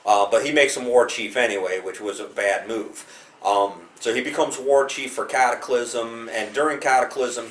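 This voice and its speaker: Casual gamer host, male, mid-pitched, rambles and swears, roomy echo. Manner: rambling with frequent restarts and profanity. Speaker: gaming video host. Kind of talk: casual rambling talk to camera.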